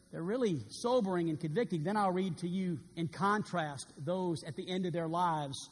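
A man's voice: sits high, slightly rough. A man preaching a sermon, dramatic and earnest, acting out quoted words with rising intensity. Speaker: pastor. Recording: long reverb of a large hall.

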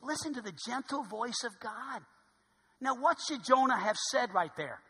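A man, a pastor preaching a sermon in a church sanctuary, swinging from loud exclamations to hushed tones. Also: very high-pitched, animated, normal speed, slightly rough. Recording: long hall reverb.

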